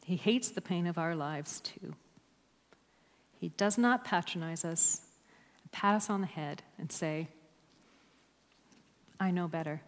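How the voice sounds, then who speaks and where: A woman's voice: fairly low pitch, a little slow, pauses often. A woman preaching a sermon to a church, emphatic and dropping to near-whispers on key words. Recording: long hall reverb.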